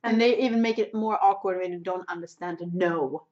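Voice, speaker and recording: A woman's voice: on the low side, brisk, a little mellow. A young Swedish woman with a Swedish accent, chatting casually and bluntly, swearing freely. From Sweden. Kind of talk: casual chat. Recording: dull lo-fi sound.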